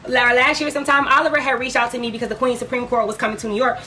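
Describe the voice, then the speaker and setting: A woman's voice: a little high, little pitch movement, racing, bright, forceful tone, slight background noise. A young adult woman from Detroit tells a heated story on a livestream, blunt and full of profanity, acting out her own side of arguments. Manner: blunt, profane, dramatic retelling.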